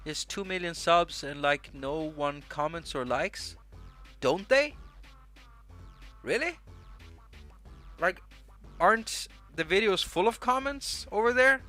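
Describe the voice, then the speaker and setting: A man's voice: high voice, bright, forceful tone. A man from Sweden with a Swedish accent, hosting a casual livestream chat, rambling and jumping from thought to thought, with faint music behind him. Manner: rambling, rapid-fire, jumps between thoughts. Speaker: livestream host. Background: faint music track.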